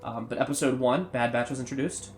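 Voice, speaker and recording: Sick male co-host, rambly casual game chat, mid pitch, light noise. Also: brisk. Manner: rambling, many ums and restarts. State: sick and sweating. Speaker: co-host of a gameplay channel. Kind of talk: casual let's-play chat.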